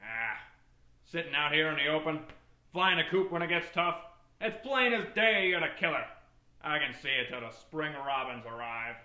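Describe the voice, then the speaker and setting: A man playing an excitable, bumbling young detective in a comedy web drama. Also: fairly high pitch, normal speed, roomy sound, poor audio. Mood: goofy. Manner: excitable, jokey. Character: bumbling young male detective, eager and goofy.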